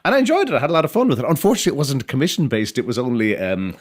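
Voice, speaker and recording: A man's voice: mid-range voice, lively intonation, rapid-fire. An Irish man in his forties, a podcast guest telling his life story in a rambling, self-correcting way. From Ireland. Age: 40s. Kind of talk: casual life-story chat.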